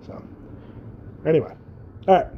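A man's voice: moderate pace, muffled recording, slight background noise. A young man hosting a solo podcast, rambling and joking casually with frequent swearing. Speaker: podcast host.

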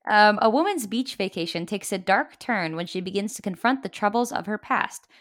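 A woman co-hosting a film podcast, easygoing and quick to laugh, chatting casually about a movie. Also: medium pitch, expressive, fairly bright tone. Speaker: podcast co-host. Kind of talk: casual film-review chat.

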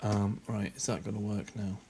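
A man's voice: on the low side, moderate pace, slight background noise. A man swearing and muttering through casual commentary as he plays a game. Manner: sweary, animated, mutters under his breath. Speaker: gamer.

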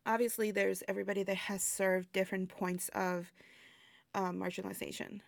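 A woman's voice: mid-range voice, level tone, brisk, creaky, no room sound. A woman who performs burlesque, talking reflectively in a casual interview, laughing often and using many fillers. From immigrant to the United States.

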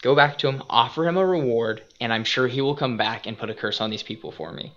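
A man's voice: medium pitch, fast, fairly bright tone, natural voice. A man voicing a demanding, scheming king giving insistent orders, on a dull lo-fi recording.

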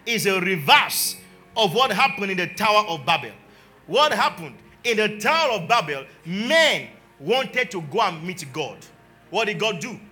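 A man, a pastor preaching a sermon and calling his congregation to repeat declarations after him. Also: sits high. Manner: calls the congregation to repeat declarations, swings from quiet talk to shouting.

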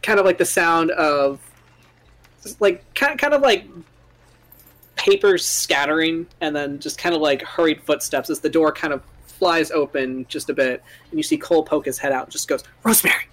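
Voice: mid-range voice, expressive, normal speed, fairly bright tone. A game master narrating a tabletop game, describing scenes in a loose, filler-heavy ramble.

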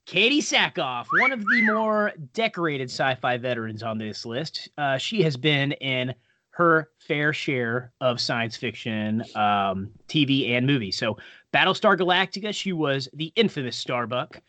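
A man's voice: medium pitch, animated, a little slow, sharp tone, no room sound. A man co-hosting a podcast, chatting casually with loose, profane joking asides. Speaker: podcast co-host. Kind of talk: casual chat.

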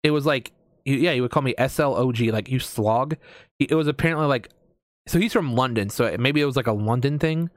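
A man's voice: mid-range voice, quick pace, no room sound, clean studio sound. An American man chatting casually, rambling with lots of fillers, restarts and swearing. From United States. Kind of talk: casual chat.

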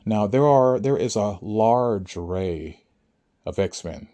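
A man's voice: on the low side, expressive, slow pace, warm tone, dull audio. A man speaking to listeners in an emphatic, preachy monologue, often asking if they understand. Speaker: spiritual speaker. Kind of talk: motivational monologue to an audience.

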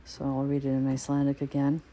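A woman's voice: rumbling low, monotone, fast talker, mellow, slight background noise. A woman poet hosting a podcast, talking thoughtfully with frequent hesitant fillers and reading poems aloud. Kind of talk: casual podcast monologue with poetry reading.

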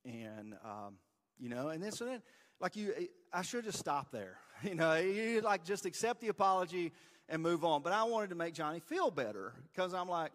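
A pastor in his forties tells a story from the pulpit, casual and self-deprecating in an easygoing, conversational sermon. His voice sits a little high for a man. It carries a long reverb tail through a large church sanctuary. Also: sing-song, fairly quick.

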